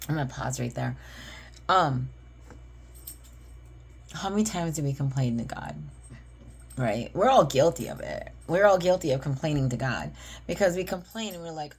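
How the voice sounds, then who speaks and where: Low-voiced woman giving a casual devotional. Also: animated, moderate pace, pauses often, breathy edge. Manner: chatty, often asks "right?" and leans on emphasis. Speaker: Bible reading video host. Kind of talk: casual devotional talk and scripture reading.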